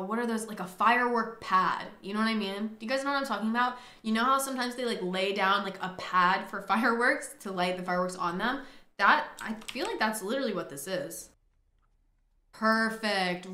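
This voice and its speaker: A woman giving animated let's-play commentary, playfully narrating what her game character does and sometimes breaking into loud shrieks and laughter. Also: on the high side. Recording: roomy echo with clear background noise.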